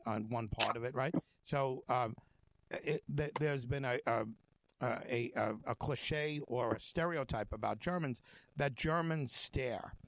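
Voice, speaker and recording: A man's voice: mid-range voice, dry recording. A man hosting a talk show, telling stories in a rambling, conversational way with many fillers and restarts. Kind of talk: casual conversation.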